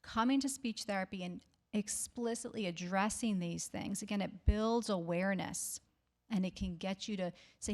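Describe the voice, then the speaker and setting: A woman's voice: mid-range voice, normal speed. A woman speech therapist giving a health talk to the public, reassuring and often checking in with "okay?". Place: library talk.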